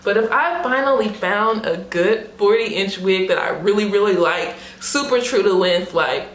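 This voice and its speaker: A young woman unboxing a wig for her vlog, excited and laughing, talking casually with lots of slang and fillers. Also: medium pitch, unhurried, a little hiss or hum. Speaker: beauty vlogger. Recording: roomy echo.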